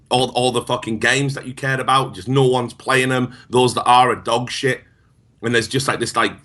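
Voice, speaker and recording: A man with an average-pitched voice co-hosting a talk show. He rants heatedly and swears constantly, in a casual, profane banter style. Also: pushed and bright. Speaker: podcast co-host.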